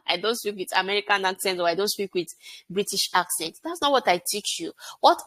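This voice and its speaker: A woman gives a motivational public speaking lesson at a mid-range pitch. She hammers her points home through repetition and asks her listeners rhetorical questions, then answers them herself. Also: a bit bright. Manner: emphatic, repeats phrases and asks rhetorical questions. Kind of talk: motivational teaching talk.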